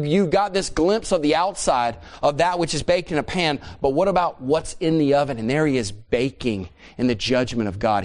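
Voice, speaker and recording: A man preaching a sermon in a church, swinging from loud, emphatic peaks down to quiet, hushed asides. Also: mid-range voice.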